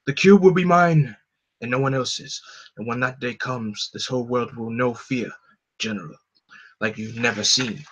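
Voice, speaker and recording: A man's voice: medium pitch, normal speed, breathy edge, muffled recording, lightly acted. A man voicing a menacing, power-hungry male villain in a comic book live read, with an emphatic, sneering delivery. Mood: gloating.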